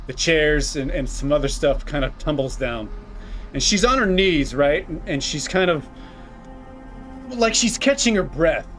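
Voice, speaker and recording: A man's voice: on the high side, fairly bright tone. A man narrating as game master. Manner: rambling, descriptive, frequent restarts.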